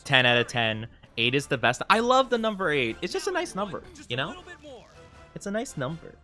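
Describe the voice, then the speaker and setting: A man's voice: fairly high pitch, wildly swooping pitch, brisk, pushed and bright, soft background music. A man streaming a game, chatting casually with his viewers in playful, self-deprecating banter. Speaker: gaming streamer. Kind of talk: casual live-stream chat while gaming.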